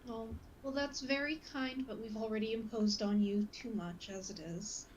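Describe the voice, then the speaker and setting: A woman's voice: a little high, fairly even intonation, moderate pace, roomy sound, muffled recording, slight background noise, close to an everyday voice. A woman voicing a polite, formal female investigator in a tabletop horror game.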